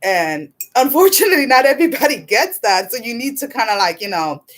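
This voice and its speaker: A woman in her forties doing a casual livestream chat as an intuitive card reader, animated and blunt, laughing often and swearing casually. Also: fairly high pitch, brisk. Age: 40s.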